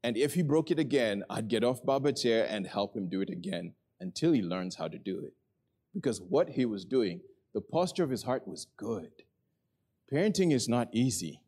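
A middle-aged man delivers a sermon to a congregation in a church. He tells stories with earnest energy and lets his voice drop soft and low when he turns to prayer. His pitch sits in an ordinary middle range. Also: moderate pace, husky. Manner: earnest storytelling, rising to excitement then softening to quiet prayerful tones. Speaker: pastor.

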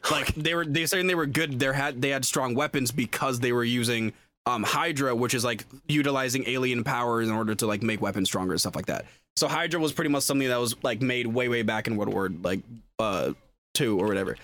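Young male co-host, casual podcast banter, excitable and rambling, average pitch, stumbles through his points with lots of fillers. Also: brisk. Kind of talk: casual chat.

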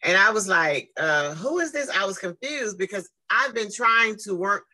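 Animated woman in her fifties. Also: a little slow, poor audio. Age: 50s. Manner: animated, acts out quoted exchanges with big swings in pitch. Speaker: guest speaker and advocate. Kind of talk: casual storytelling in conversation.

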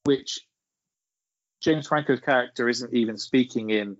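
A man's voice: medium pitch, measured pace, no echo. A man, rambling through an anecdote in casual podcast chat. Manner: rambling storyteller, laughing as he tells it. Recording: dull lo-fi sound.

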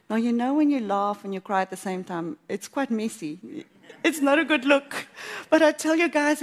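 A woman giving a personal faith testimony at church, telling her story in a lively way and acting out what she thought at the time. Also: fairly high pitch. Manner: animated storytelling, acts out her own past thoughts, laughs often.

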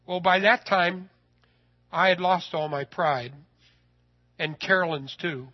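A man telling a personal story in a sermon, folksy and animated, his voice rising when he gets excited. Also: high-pitched, takes it slowly, highs cut off.

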